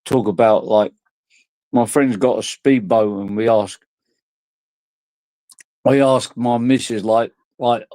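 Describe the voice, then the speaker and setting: A man's voice: mid-range voice, fairly even intonation, slow, long pauses, warm tone, no echo. A drunk man, rambling crudely and giggling through a casual vlog chat. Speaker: vlogger.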